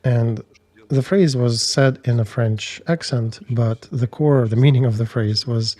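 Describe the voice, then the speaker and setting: A man discussing war news in a measured, analytical way, speaking bluntly. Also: medium pitch, dark tone.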